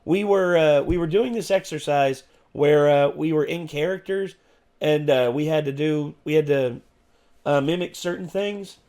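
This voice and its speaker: A man's voice: fairly high pitch, normal speed, darkish tone. A man co-hosting a reaction show, telling a story in casual chat with rambling restarts and fillers.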